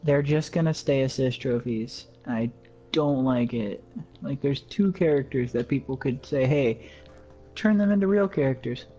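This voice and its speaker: A man's voice: mid-range voice, moderate pace, warm tone. A man co-hosting a casual gaming podcast, easy-going and goofy, giggling often. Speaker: podcast co-host. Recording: slightly dull lo-fi mic.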